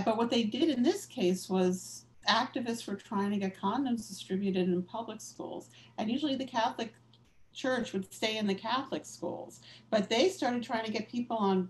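A woman speaking as an interview guest, with a voice of middle pitch. She talks candidly and reflectively, letting stories unfold with casual fillers. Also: rough recording. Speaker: author and activist guest. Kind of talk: conversational interview.

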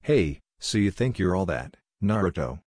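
A man reading out a brash, boastful teenage ninja boy from a storybook, taunting his rival. The voice is low and husky, dry and close. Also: sing-song, normal speed, darkish tone, no echo.

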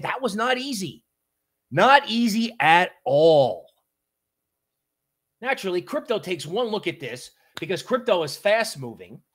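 Man, higher-pitched voice, animated joking storyteller, casual market commentary host. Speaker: crypto market livestream host.

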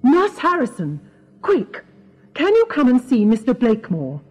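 Anxious, fluttery woman of the household read by a narrator, breathless, with a leaping pitch. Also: huge pitch swings, a little slow, a little mellow, husky, faint music behind, heavily acted, low-quality recording.

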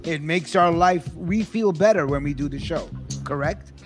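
A man's voice: a little high, normal speed, loud music behind the voice. A man hosting a casual podcast, talking in a rambling, profane way. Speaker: podcast host.

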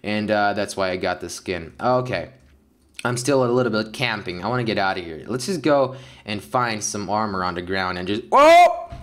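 A young man giving excitable Let's Play commentary over a game, yelping and laughing at the action. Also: on the low side, moderate pace. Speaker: gaming YouTuber.

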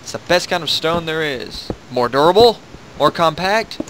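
A loud, cheesy male infomercial announcer, as a gamer puts him on mid-game, punching out a hammy sales pitch a little higher than his usual talk. Behind him sits a clear hiss of background noise from a home setup. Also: lively intonation, moderate pace, poor audio. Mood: salesy.

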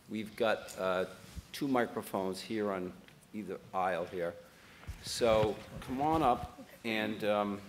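A man moderating a public forum, opening the floor to audience questions in a wry, joking way. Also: on the low side. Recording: noisy forum recording.

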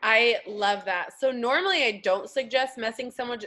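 An upbeat woman hosts a casual interview, slangy and quick to cheer her guest on. Her voice sits a bit high. She keeps the talk loose and friendly in tone. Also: sharp tone. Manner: upbeat and slangy, laughs easily. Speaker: host.

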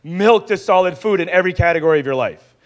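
A young adult man teaching in a sermon style, lively and acting out little dialogues as he goes. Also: high-pitched, fast. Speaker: pastor teaching a discipleship school.

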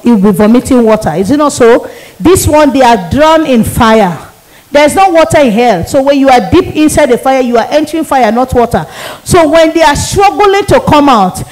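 A Nigerian woman evangelist tells her testimony in a high voice. She preaches earnestly and vividly, and she drives her points home with repetition. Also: animated, moderate pace, poor audio. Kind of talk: testimony sermon.

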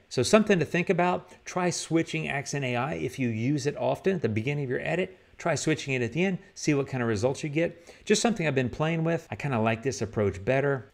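A man's voice: mid-range voice, gravelly. A man hosting a photo-editing tutorial, talking casually and thinking aloud as he works. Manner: relaxed, conversational, thinks aloud with fillers. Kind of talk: casual screen-recorded software tutorial.

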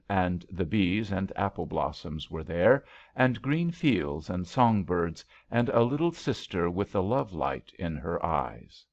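A man reading a classic story aloud in measured audiobook narration. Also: sits low. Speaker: audiobook reader. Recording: dull lo-fi recording.

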